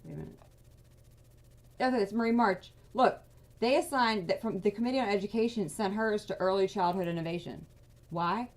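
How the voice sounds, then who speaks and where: Agitated woman venting about politics. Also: medium pitch. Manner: agitated, venting, rapid bursts of outrage. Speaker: political advocacy vlogger. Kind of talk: angry casual political commentary.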